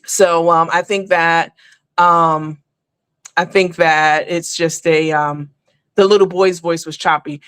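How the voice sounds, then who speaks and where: Lady host rambling to her stream, low-ish voice, dry close sound. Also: steady tone, slow pace, fairly bright tone, clear, resonant tone, dry recording. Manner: chatty, rambling, addresses viewers as honey and baby. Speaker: live show host. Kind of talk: casual live-stream commentary.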